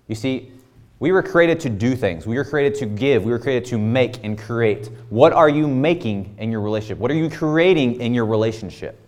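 A man's voice: medium pitch, animated, normal speed, darkish tone. A man in his thirties preaching a conversational sermon full of rhetorical questions. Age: 30s. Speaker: pastor.

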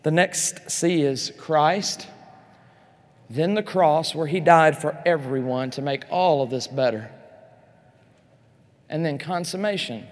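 A man with a high voice delivers an animated Bible teaching to a conference crowd. He addresses the room directly and drops in joking asides as he goes. His words ring out with a long reverb from the large hall. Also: slow pace, long pauses. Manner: animated, speaks straight to the audience with joking asides. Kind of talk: lively teaching sermon.

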